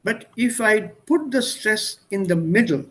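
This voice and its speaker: Lively high-voiced man tutoring German. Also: a little slow. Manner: patient, explains by repeating synonyms. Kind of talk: online one-on-one language lesson.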